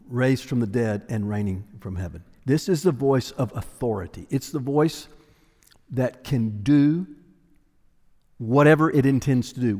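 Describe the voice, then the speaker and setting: A man delivers an expository sermon with a fairly high, very animated voice that swoops up and down. He preaches dramatically, pulling back to hushed tones for emphasis. His voice rings with the long reverb of a large hall. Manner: dramatic preaching, dropping to near-whispers for emphasis. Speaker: pastor.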